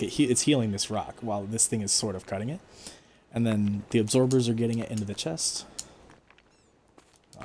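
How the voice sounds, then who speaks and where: A man giving relaxed, explanatory commentary over his own gameplay stream, with frequent fillers. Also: fairly low pitch. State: hiccups. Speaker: gaming streamer.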